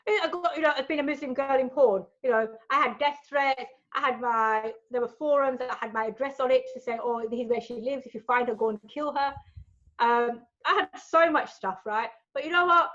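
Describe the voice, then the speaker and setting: Through dull, lo-fi audio comes a woman's voice that sits high and moves a little fast. In her forties with Gujarati family heritage, she's an interview guest in a casual setting, bluntly narrating stories and acting out what people told her.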